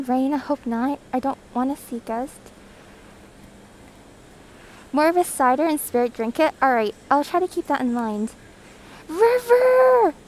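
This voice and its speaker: Brief: woman streamer, high and unhurried, chatty, breathing hard behind a mask, phone mic, faint background hum. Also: rough recording. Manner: chatty, reads chat aloud, greets viewers excitedly. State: breathing heavily through a thick mask. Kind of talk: casual live stream chat. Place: airport terminal, indoors. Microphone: phone held by hand.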